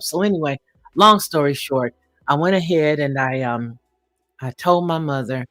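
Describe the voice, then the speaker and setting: Give me a chuckling, reflective live-stream host with a dry, close sound and soft music behind. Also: mid-range voice, normal speed, no room sound. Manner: reflective, chuckling, filler-heavy. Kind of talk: personal storytelling on a live stream.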